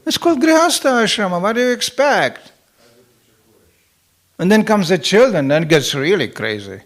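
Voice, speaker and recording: A middle-aged man, a temple president, giving a humorous scripture lecture in a temple hall as an animated storyteller who acts out the voices he quotes. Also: sits high, normal speed, long pauses.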